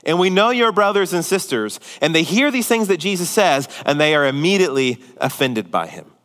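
Pastor guy preaching a sermon, slightly high voice, animated, reverby church hall. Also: a little fast. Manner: animated, acts out quoted voices.

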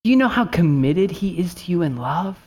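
A man's voice: sits high, lively intonation, a little fast, a little mellow, husky. A man in his thirties, a pastor preaching an earnest sermon and telling a family story, rising at times to fervent appeals.

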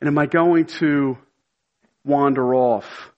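A pastor preaching a sermon with earnest conviction, building to emphatic, shouted appeals. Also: male voice, medium pitch, fairly even intonation, takes it slowly, highs cut off.

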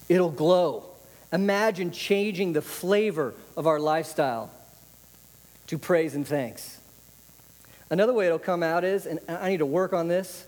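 This pastor's sermon feels casual and chatty, and he returns to repeated phrases to press each point. His somewhat high male voice has a slightly mellow quality and echoes with the long reverb of a church hall.

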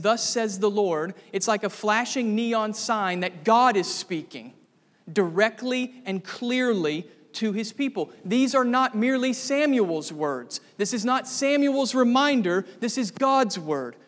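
A man's voice: sits high, long reverb tail. A man preaching a sermon to a congregation, earnest and building to fervent emphasis. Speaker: pastor.

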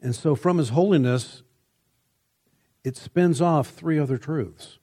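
A man preaching a sermon, measured and emphatic, lifting his voice when he quotes scripture. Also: fairly high pitch, mellow.

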